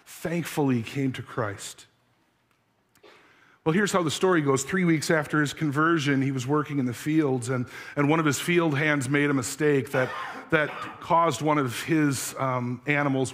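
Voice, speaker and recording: A pastor preaching a sermon, earnest, asking the congregation searching questions. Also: male voice, on the high side, fairly bright tone. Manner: tells a story with acted voices.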